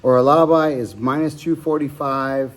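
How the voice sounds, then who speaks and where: A man hosts his own podcast and talks through betting picks alone in a loose, casual way. He rambles, stops to correct himself and fills the gaps with ums and uhs. His voice sits at a middle pitch for a man. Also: steady tone, moderate pace. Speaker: podcast host giving fight picks. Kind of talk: casual solo betting breakdown.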